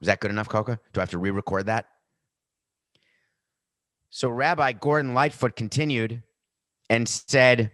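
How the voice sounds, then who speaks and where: A man's voice: mid-range voice, moderate pace, pauses often, no echo. A middle-aged man hosting a sports podcast, ranting sarcastically and mocking statements in a dry studio. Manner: sarcastic, animated rants with mock quotes. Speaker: podcast host. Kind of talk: opinionated sports commentary. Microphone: studio microphone with earpiece.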